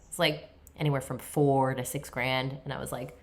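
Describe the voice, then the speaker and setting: A woman in her thirties with a low voice tells a story on her podcast. Her talk is loose and chatty, full of filler words and self-mocking laughs. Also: brisk. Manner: chatty, heavy on fillers like "like" and "you know", laughs at herself. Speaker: podcast host. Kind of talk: casual storytelling monologue.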